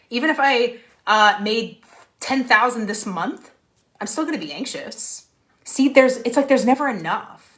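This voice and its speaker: A young adult woman, a business coach on a live stream from a room at home, energetic and often asking "right?". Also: medium pitch. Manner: energetic, repeats "right?", laughs.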